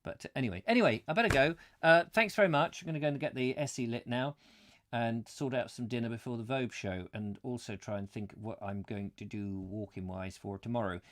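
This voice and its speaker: A man's voice: mid-range voice, brisk, a bit bright. A man hosting a live stream from home, chatting casually and self-deprecatingly to his viewers.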